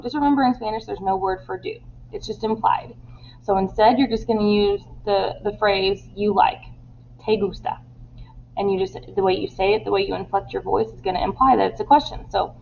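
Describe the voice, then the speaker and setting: Woman teacher, gravelly voice, patient step-by-step instructions, dull lo-fi sound. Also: medium pitch, normal speed, slight background noise. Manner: explains step by step, with many "um" fillers and Spanish examples. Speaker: Spanish teacher. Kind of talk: recorded online class instructions.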